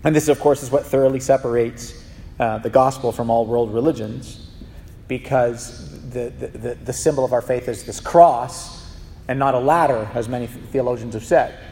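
A man preaching a sermon as pastor, in a conversational, animated way with frequent restarts. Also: medium pitch, normal speed, a little hiss or hum. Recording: long reverb of a large hall.

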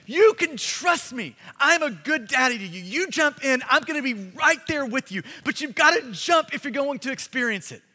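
A man's voice: very high-pitched, expressive, moderate pace, hardly any pauses, pushed and bright, full character voice. A pastor voicing a father who urges his little son to jump into a pool and promises to catch him. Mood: coaxing. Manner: coaxing, reassuring. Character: encouraging father calling from a pool. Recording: long hall reverb.

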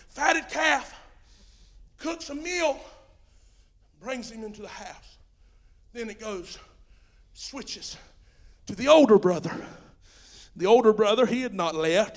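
A middle-aged man preaching a sermon, dropping to a near-hush and then rising into drawn-out shouted lines. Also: very high-pitched. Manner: swings from hushed to shouting, drawn-out emphatic phrases.

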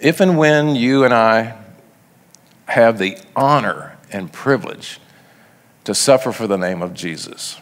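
A man's voice: medium pitch, expressive, measured pace, in a large hall. A man preaching a sermon, reading scripture aloud and then explaining it in a conversational way. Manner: reads passages then explains them conversationally.

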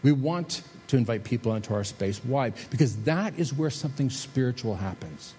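Pastor preaching in a reverberant hall. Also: male voice, medium pitch, animated, normal speed. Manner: preaching with emphatic rises and soft drops. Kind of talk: sermon. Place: church sanctuary. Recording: reverberant hall with faint noise.

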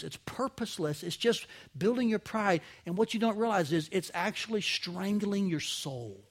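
A male pastor with a notably high voice delivers an emphatic sermon. He surges to loud, forceful peaks, then drops to quiet asides, and keeps throwing rhetorical questions at the congregation. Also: lively intonation, normal speed, hardly any pauses. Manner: emphatic preaching, rising to loud peaks and dropping low.

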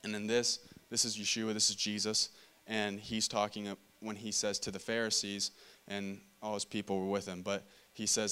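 A man's voice: fairly low pitch, fairly even intonation, moderate pace, few pauses, sharp tone, clear, resonant tone. A man giving a casual sermon, reading scripture aloud and talking it through conversationally, often repeating and restarting phrases. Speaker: preacher. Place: church meeting room.

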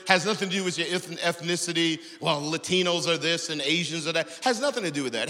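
A middle-aged male pastor preaching a sermon, swinging between loud, animated exhortation and hushed storytelling. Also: a little high, quick pace, hardly any pauses. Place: church auditorium. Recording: long reverb of a large hall.

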